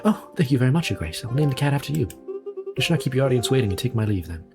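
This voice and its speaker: A man's voice: medium pitch, sing-song, rapid-fire. A man voicing a scatterbrained, apologetic young noblewoman knight, reading her lines politely and in a flustered way while music plays behind.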